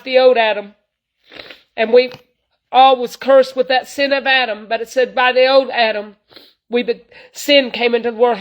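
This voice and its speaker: A woman with a slightly high voice, heard through a rough recording, is a traveling evangelist preaching informally to online viewers. She comes across earnest and folksy, saying "you know" again and again.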